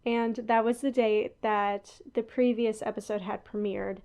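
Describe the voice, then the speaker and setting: Young female podcast host, slightly high voice, loose rambling delivery full of asides. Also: fairly even intonation, unhurried, few pauses, darkish tone. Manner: chatty and rambling, with frequent laughs and asides. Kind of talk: casual chat. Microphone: headphones on, talking into a podcast mic.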